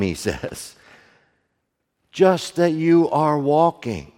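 A middle-aged man preaching a sermon to his congregation, moving from hushed storytelling to loud, fervent preaching. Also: a little high, lively intonation, slow. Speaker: pastor. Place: church sanctuary, also streamed online. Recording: long hall reverb.

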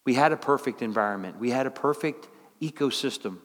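A man preaching a sermon in a folksy, conversational way, dropping low and quiet, then climbing high and loud. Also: expressive, fairly quick, in a large hall.

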